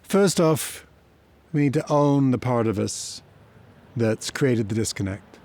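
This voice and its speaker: A man's voice: medium pitch, slow, darkish tone. Man, middle-aged, reflective, conversational, teaching to camera. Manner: reflective, conversational, tells personal stories. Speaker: therapy teacher. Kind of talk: explanatory talk to camera.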